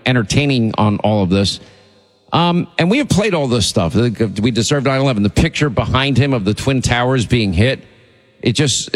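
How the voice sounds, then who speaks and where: Indignant male radio host, roomy sound. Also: medium pitch. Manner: indignant, emphatic, rambling. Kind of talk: talk radio monologue.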